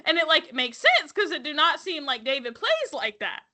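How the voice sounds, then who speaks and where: A woman's voice: high voice, huge pitch swings, normal speed, pushed and bright. A woman co-hosting a podcast, recapping reality TV in casual, sarcastic, profane chat. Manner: sarcastic, profane, laughing asides. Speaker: podcast co-host.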